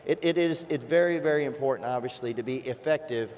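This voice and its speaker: A man from Virginia with a softened Southern accent, hosting a casual panel discussion and telling folksy stories with lively asides. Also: medium pitch, fast. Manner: folksy storyteller, animated asides.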